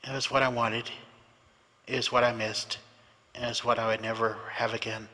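A man reads a first-person story in a calm, reflective way. His voice is very bright and sharp, with a tense edge. A long reverb rings out behind him. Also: mid-range voice, normal speed.

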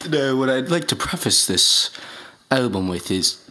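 In a comedy skit, a man plays a self-serious rapper making a mock-solemn announcement, rambling haltingly with plenty of fillers and restarts. His medium-pitched voice is animated and sharp, with a little hiss or hum in the background.

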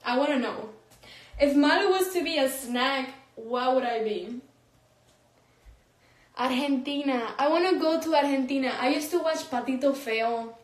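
A young woman with a high-pitched voice and measured pace chats casually on a phone livestream from a room, reading comments, using slang, and laughing often. The sound is reverberant.

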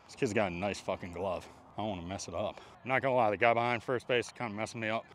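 A man's voice: lowish voice, fairly even intonation, rapid-fire, heavy background noise. A young man on an outdoor ball field giving self-mocking, joking vlog commentary with plenty of swearing. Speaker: baseball player and vlogger.

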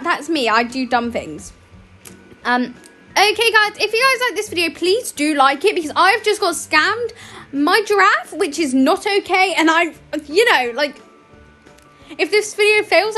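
A woman talks over her gameplay in a very high-pitched voice. Her delivery is chatty, rambling and emotional, with many restarts. Her voice has a sharp, bright edge. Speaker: gaming YouTuber. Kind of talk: game commentary vlog.

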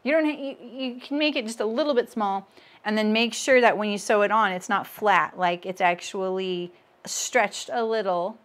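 A woman's voice: medium pitch, moderate pace. A woman in her thirties hosting a casual sewing livestream, chatting with viewers and laughing at her own jokes as she works.

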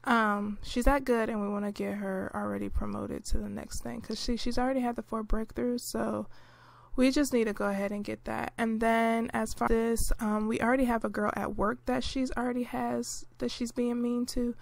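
Chatty woman with a gravelly edge. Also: a little high, normal speed, no echo. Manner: chatty, relaxed, many fillers. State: clearing throat, hiccuping and coughing. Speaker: gameplay commentator. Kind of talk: casual gameplay narration.

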